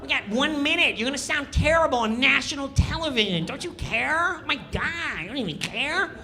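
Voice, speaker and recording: A man doing a shrill, whiny nagging comedian. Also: animated, moderate pace, bright, forceful tone, exaggerated voice. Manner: frantic, nitpicking, exasperated. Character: high-pitched whiny nagging male comedian.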